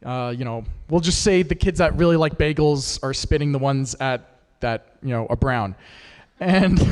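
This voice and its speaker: A man's voice: on the high side, lively intonation, unhurried, a little mellow, in a large hall. A man doing a stand-up set at an open mic, crude and self-deprecating as he teases the audience. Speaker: stand-up comic. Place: small performance studio with a live audience.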